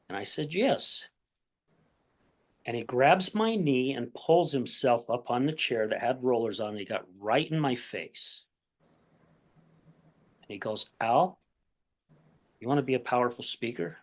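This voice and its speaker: A man hosting a podcast tells a long personal story to his guest. He acts out the people in it and keeps checking in with "right?" as he goes. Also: mid-range voice. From Utah, USA. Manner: animated storyteller, acts out quoted voices, says "right?" often. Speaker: podcast host. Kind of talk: conversational interview storytelling.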